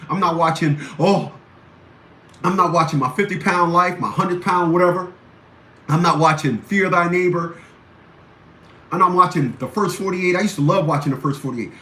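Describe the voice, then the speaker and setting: Blunt, forceful man ranting in a roomy echo. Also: on the high side. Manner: blunt, combative, repeats phrases for emphasis. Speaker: radio show host. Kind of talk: ranting commentary. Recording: roomy echo, faint background noise.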